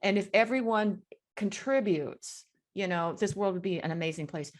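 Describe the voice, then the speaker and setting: A woman's voice: medium pitch, normal speed. A woman host of an interview, enthusiastic and effusive.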